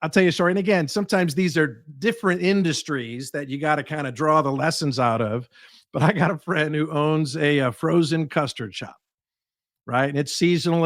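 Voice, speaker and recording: A man's voice: on the high side, no echo, studio quality. A man, a guest speaker and sales trainer, giving advice in a podcast conversation and acting out the people in his stories. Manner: animated storyteller acting out quoted voices.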